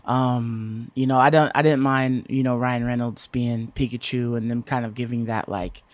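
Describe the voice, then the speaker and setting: A man's voice: medium pitch, little pitch movement, moderate pace, no room sound. A man in his thirties co-hosting a casual podcast, rambling with lots of fillers and restarts. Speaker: podcast co-host.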